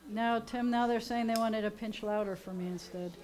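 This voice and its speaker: A woman's voice: fairly high pitch, fairly even intonation, normal speed, darkish tone. Chatty woman rabbi teaching Hebrew. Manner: chatty, playful teacher, many ums. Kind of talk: teaching Hebrew letters at a service. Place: synagogue sanctuary.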